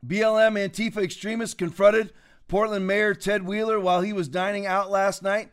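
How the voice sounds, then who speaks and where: A man's voice: sits high, flat delivery, normal speed, clear, resonant tone. A man hosting a commentary show, talking in a combative, mocking and preachy way. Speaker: show host.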